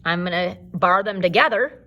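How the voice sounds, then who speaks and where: A woman's voice: lowish voice, moderate pace, bright, forceful tone, dull audio. A woman teaching a casual home video music lesson, chanting words and tapping out syllables and beats.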